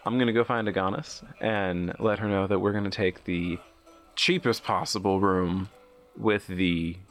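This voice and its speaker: A man playing a tabletop role-playing game, wryly working through sums and plans out loud. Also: sits low, fairly even intonation, a little slow, soft background music. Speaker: player. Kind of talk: casual tabletop game play.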